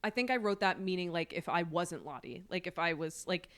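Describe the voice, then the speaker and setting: A woman co-hosting a casual book podcast, chatty and quick to laugh, often restarting her sentences. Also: lowish voice, a bit bright. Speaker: podcast co-host.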